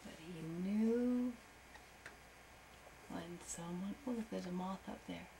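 A woman improvising a story for a young child at home, animated, with playful sound effects and soft asides. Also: medium pitch, slow, creaky, slight background noise, poor audio.

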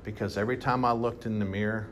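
A man preaching a sermon to a congregation, telling a story with animated emphasis. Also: on the low side, fast talker, a little hiss or hum. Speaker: pastor. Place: church hall with congregation.

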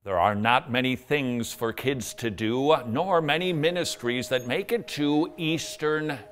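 Man, radio host, earnest devotional preaching, unhurried, faint music behind. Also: mid-range voice. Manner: earnest, emphatic preaching with slow drawn-out phrases.

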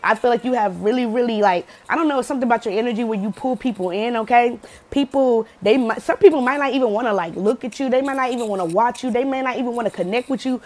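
A woman's voice: fairly high pitch, fast. A woman doing a casual pick-a-card tarot reading, slangy and profane, checking in with the viewer and laughing often. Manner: slangy, cusses freely, laughs often, acts out quotes loudly; says "okay?" often to the viewer.

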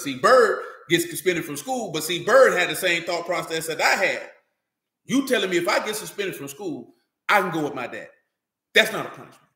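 Animated, bright-voiced man preaching. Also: sits high, roomy sound. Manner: loose, street-talking, animated, repeats "you know what I'm talking about". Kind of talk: animated sermon.

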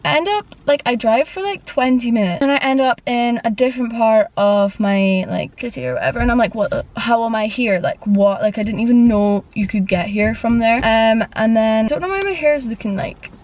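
A woman's voice: on the high side, fairly quick, few pauses, darkish tone. Chatty young woman telling a story. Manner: chatty, dramatic, frequent "like" fillers. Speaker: vlogger. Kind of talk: casual storytime vlog.

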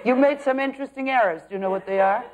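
A woman's voice: on the high side, rapid-fire. Direct older woman acting teacher. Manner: direct, probing. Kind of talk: critiquing a student in class. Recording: dull lo-fi archive recording.

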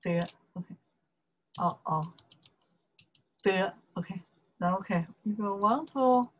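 A woman with a Chinese accent who speaks Chinese natively, teaching a casual online language lesson. She talks haltingly with many fillers and repeats each syllable along with its tone. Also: mid-range voice, slight background noise, poor audio.

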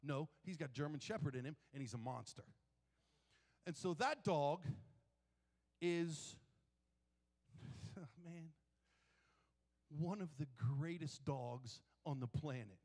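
A male pastor preaching a sermon in a church, telling stories in an animated, joking way. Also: on the high side, slow, long pauses. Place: church sanctuary. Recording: long hall reverb.

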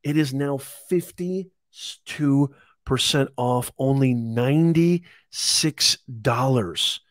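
A man hosts a live deal stream, pitching products in a hyped, salesy way. His voice sits at an average pitch and is recorded dry and close. He keeps urging listeners to buy right away. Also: slow, dry recording. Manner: hyped salesy, repeats calls to add to cart. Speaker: host of live shopping stream.

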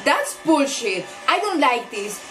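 Animated high-voiced woman reacting to a show. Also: unhurried, soft background music. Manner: exasperated, swearing, laughing at the screen. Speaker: reaction video host. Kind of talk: casual reaction commentary.

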